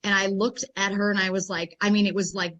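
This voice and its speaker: A woman guest in an interview, a health and fitness professional telling stories in a rambling, animated way full of fillers. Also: mid-range voice, fast. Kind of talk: casual interview storytelling.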